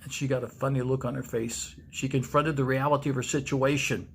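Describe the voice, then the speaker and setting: A man's voice: mid-range voice, steady tone, a little fast, creaky, slightly rough. A man, a pastor, giving a devotional video message to camera in a storytelling manner and repeating key lines for emphasis. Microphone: speaking to camera.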